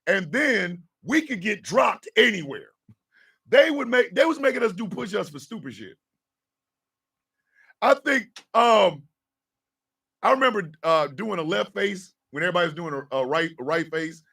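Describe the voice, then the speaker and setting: Middle-aged man, gravelly husky voice, bright high tone, animated profane storytelling, slightly distant mic. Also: normal speed, long pauses. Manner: animated storyteller, profane, mimics drill sergeants. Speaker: radio show host. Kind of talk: storytelling on a morning radio show.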